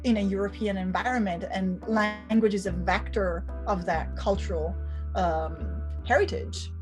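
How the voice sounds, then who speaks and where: Woman professor, native Italian, measured and articulate, faint music behind. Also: medium pitch. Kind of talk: thoughtful interview answer.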